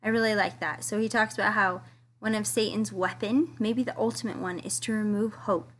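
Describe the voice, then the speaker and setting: A woman's voice: mid-range voice, fairly even intonation, brisk, a bit bright. A woman giving a casual, earnest devotional study talk, reading quotes aloud with enthusiasm. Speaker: scripture study teacher.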